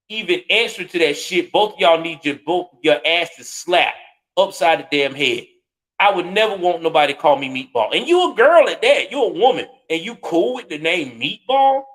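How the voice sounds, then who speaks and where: High-voiced man ranting with scorn. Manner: profane, ranting, scornful, with sudden loud outbursts. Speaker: commentary show host. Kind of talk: heated live reaction commentary.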